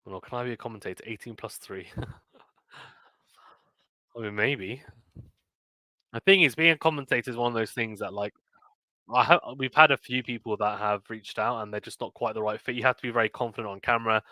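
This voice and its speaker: A man with a British accent hosting a live tennis play-by-play stream, chatting casually and reading viewer comments between points, then calling each point with rising excitement. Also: mid-range voice, brisk, pauses often, no room sound.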